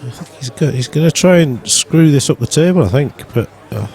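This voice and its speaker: A man's voice: mid-range voice, expressive, a little fast, a little mellow. A man from the UK giving casual live pool commentary from a pub, joking with his co-commentator. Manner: jokey banter with co-commentator. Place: pub venue.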